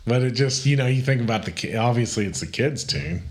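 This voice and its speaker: A man's voice: mid-range voice, expressive, fairly quick. A man with a Texan accent, a pastor co-hosting a casual podcast chat, telling stories in a rambling, easygoing way. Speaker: podcast co-host.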